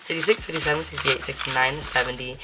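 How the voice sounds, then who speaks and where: Low-voiced chatty woman counting cash. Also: fairly even intonation, fast, very noisy. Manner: chatty, counts bills aloud, slips into Spanish phrases. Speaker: budgeting vlogger. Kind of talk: casual chat while counting cash.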